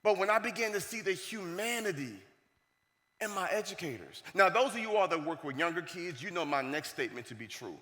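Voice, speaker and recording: High, bright-voiced man giving a keynote. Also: a little fast. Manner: animated storytelling, acting out quoted dialogue. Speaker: keynote speaker. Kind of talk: motivational keynote storytelling. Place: large conference hall. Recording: reverberant conference hall.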